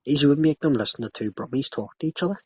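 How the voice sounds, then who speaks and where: Husky, sweary man. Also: medium pitch, expressive, very fast, dry recording. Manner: sweary, ranting banter. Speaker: podcast host. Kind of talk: casual chat. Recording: dry, slightly muffled lo-fi.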